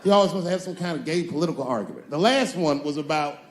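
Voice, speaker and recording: A man doing stand-up comedy, swaggering and swinging between loud and soft for his punchlines. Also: on the high side, expressive, quick pace.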